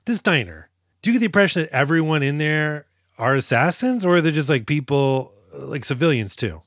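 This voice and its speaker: Male podcast co-host, joking and animated, dry close sound. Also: a little high, brisk, no echo. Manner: jokey, animated, does silly voices and sound effects. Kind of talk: casual movie review chat.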